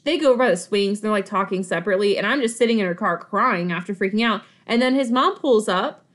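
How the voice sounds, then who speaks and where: A woman's voice: mid-range voice, fast. A woman co-hosting a podcast, telling a personal story in an emphatic, dramatic way with frequent asides and laughs. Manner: laughs while talking. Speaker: podcast co-host.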